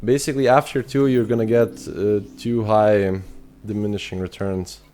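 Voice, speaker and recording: Irish male streamer, lowish voice, rambling and friendly with chat. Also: steady tone, moderate pace, mellow. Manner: chatty, thinks aloud with fillers and restarts; reads chat messages aloud and answers viewers. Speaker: game streamer. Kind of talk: casual live-stream chat.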